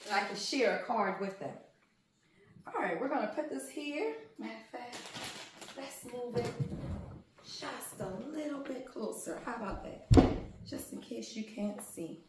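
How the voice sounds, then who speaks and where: A woman's voice: a little high, animated, measured pace, pauses often, very noisy. A woman, vlogging at home as she unpacks yarn and gushes over each skein. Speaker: crafting vlogger. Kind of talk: casual unboxing vlog. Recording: very echoey room.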